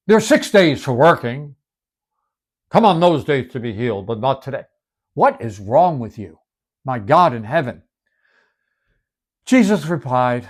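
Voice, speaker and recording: A man giving a casual devotional Bible lesson, acting out the scenes in quick dialogue. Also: medium pitch, very animated. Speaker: Bible teacher.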